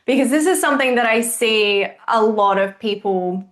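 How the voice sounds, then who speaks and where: A woman who coaches kids' jiu jitsu hosts a coaching podcast, speaking at normal speed in a fairly high voice. It's casual conversation, and she's an expressive, animated storyteller.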